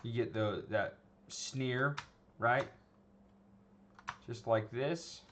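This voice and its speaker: A man's voice: medium pitch, very slow, fairly bright tone, a little hiss or hum. Man, mid-range voice, casual tutorial teacher, chatty check-ins, restarts phrases, faint typing in background. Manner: conversational, frequent "okay?" and "right?" check-ins, self-correcting restarts. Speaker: animation instructor.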